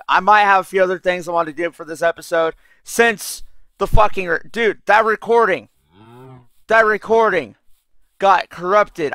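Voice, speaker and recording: A man's voice: on the high side, fairly bright tone, no room sound, studio quality. A young man giving casual, rambling commentary over his gameplay, frustrated and swearing constantly. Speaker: let's play gamer.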